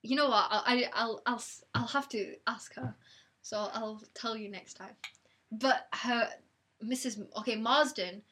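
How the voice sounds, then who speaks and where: Excitable young woman, husky voice. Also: fairly high pitch, measured pace. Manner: excitable, exclaims often. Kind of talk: casual chat.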